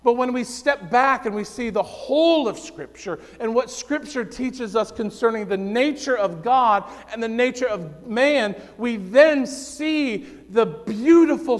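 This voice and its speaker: A male pastor preaching a sermon, swinging between loud emphasis and hushed, low phrases. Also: big-room sound.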